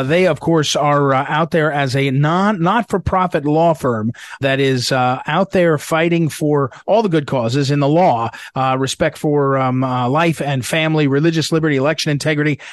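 A middle-aged man hosting a political talk show, speaking emphatically and repeating himself for stress. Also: no echo. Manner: emphatic, repetitive, drops low when reading promos. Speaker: radio show host.

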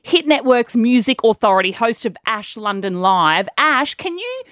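Animated woman radio co-host. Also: fairly high pitch, normal speed, dry recording, clean studio sound. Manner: playful, argumentative, laughs often. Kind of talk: radio banter.

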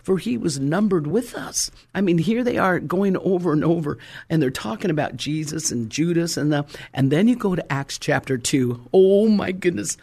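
A man's voice: a little high, lively intonation, moderate pace, vocal fry, a little mellow, breathy edge. A man preaching a fervent sermon, emphatic and calling out to his congregation.

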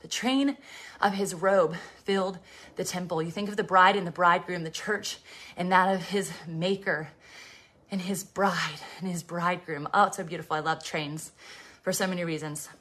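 A woman's voice: lowish voice, fairly even intonation, moderate pace, sharp tone. Breathless woman preaching on a bike. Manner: passionate, fervent, dips into whispers. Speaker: preacher and fitness host. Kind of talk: devotional preaching while riding an exercise bike.

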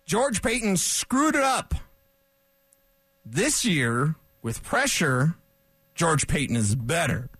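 A man hosting a sports talk radio show, ranting in an animated, opinionated way into a studio microphone. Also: a little high, slow pace, pauses often, husky, dry recording.

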